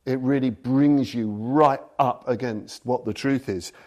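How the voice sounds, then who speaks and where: A man's voice: mid-range voice, a little slow, darkish tone. A man giving a Buddhist dharma talk, telling stories and reading passages aloud. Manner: storytelling, reads passages aloud. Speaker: Buddhist teacher.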